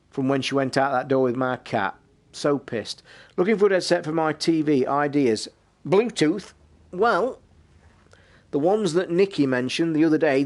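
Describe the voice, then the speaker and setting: A British man hosting a live stream, telling a rambling story in a casual, swear-filled way. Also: on the high side. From United Kingdom. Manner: swears constantly, rambling and animated. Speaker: streamer and podcast host.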